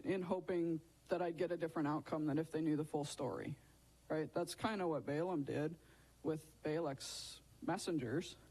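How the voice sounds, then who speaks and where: A man's voice: on the high side, darkish tone, rough recording. A man teaching a children's Bible lesson in a chatty way, often asking his listeners questions.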